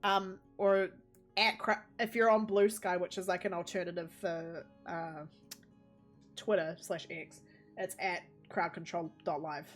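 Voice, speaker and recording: A woman's voice: fairly low pitch, steady tone, a little slow, faint music behind. A woman with a New Zealand accent streams a game from home, rambling and chatty and laughing often as she talks to her chat and her pets. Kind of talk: casual live-stream chatter while playing.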